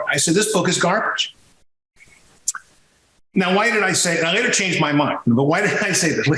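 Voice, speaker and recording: A man talking as a podcast guest, his voice sitting a little high for a man. He tells stories with animated swings of pitch when stressing a point. The sound carries a roomy echo around him. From Sicilian heritage. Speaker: podcast guest, music historian. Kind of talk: conversational interview.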